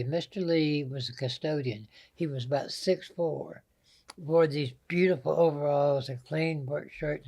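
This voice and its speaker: This older male guest from the American South has a higher, creaky, somewhat dark voice and a Southern accent. In a storytelling interview, he comes across as a folksy teller of anecdotes.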